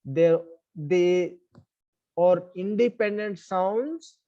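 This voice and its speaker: A man's voice: high-pitched, dark tone, muffled recording. A man with an Indian English accent, teaching an online class, explaining step by step and checking in with students. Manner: repeats "right?" as check-ins, measured explaining.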